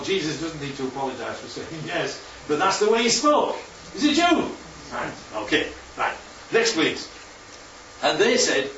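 A man's voice: on the high side, fairly bright tone, a little hiss or hum. Man teaching Bible class, roomy and distant. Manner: chatty, checks in with listeners often. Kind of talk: informal Bible teaching with slides. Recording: roomy, distant, muffled hall recording.

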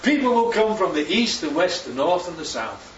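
This sermon comes from a northern English man whose voice sits high and sing-song at a normal speed, with slight background noise. Preaching in a church hall, he chats, jokes, and keeps asking the congregation things, captured dully by a distant mic in an echoey room.

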